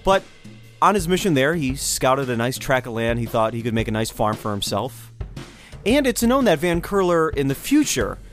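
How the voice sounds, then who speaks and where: Man, mid-pitched voice, chatty history storyteller, faint music underneath. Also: sing-song, normal speed. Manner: conversational, speculative asides and restarts. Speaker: history podcast host. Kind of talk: casual history lecture.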